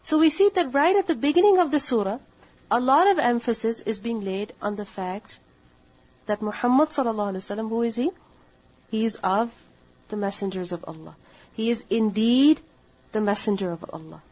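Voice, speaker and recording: A woman's voice: on the high side, fairly quick, darkish tone, highs cut off. A woman teaching a religious lesson, asking questions and then answering them herself. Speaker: Quran teacher. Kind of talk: religious lecture.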